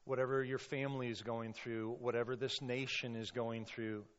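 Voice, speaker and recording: A man preaching a sermon as a pastor, impassioned and storytelling, with sudden loud bursts when he acts out quotes. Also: medium pitch, little pitch movement, normal speed. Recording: long reverb, dull sound.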